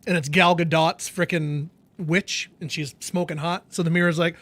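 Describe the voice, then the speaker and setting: A man's voice: fairly high pitch, fairly even intonation, normal speed, a bit bright, dry recording. A man streaming a game, chatting casually with viewers in a jokey, laid-back way. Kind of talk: casual chat.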